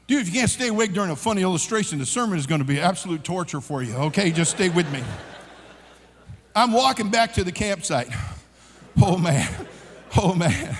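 A man preaching at a youth conference, telling a comic story with shouts and laughs. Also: sits high, expressive, brisk, husky. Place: large conference hall. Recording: long hall reverb.

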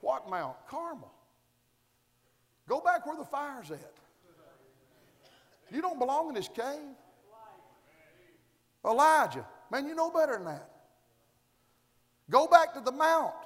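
High-pitched preacher man, shouty rhythmic sermon, big hall echo. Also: sing-song, slow, pauses often. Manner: fiery, rhythmic, repeating phrases, bursting into shouts. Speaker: pastor. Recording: long hall reverb.

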